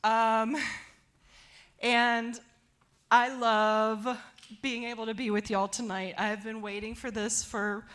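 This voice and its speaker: A woman's voice: on the high side, level tone, takes it slowly, pauses often, fairly bright tone, clear, resonant tone. A woman hosting a live storytelling show on a theater stage, talking in a folksy, hesitant way with many fillers, through a stage microphone. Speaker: storytelling show producer and host. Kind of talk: casual live stage talk.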